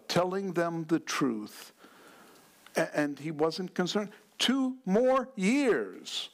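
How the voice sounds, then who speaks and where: Male pastor, sermon delivery, higher-pitched voice, earnest and unhurried.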